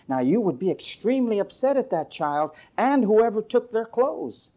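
A male pastor preaching a sermon in a sarcastic, mocking storytelling manner, swinging from loud outbursts to low asides. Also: animated, normal speed, hardly any pauses.

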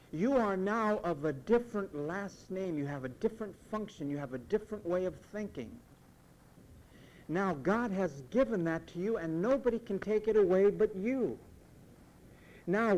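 High-voiced male preacher, emphatic sermon. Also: a little mellow, slight background noise, poor audio. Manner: emphatic, mimics parents in quoted asides.

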